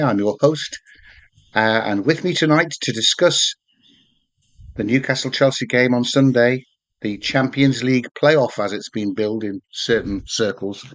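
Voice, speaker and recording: A man hosting a podcast in casual chat, jokey and bantering with his guests. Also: mid-range voice. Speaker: podcast host.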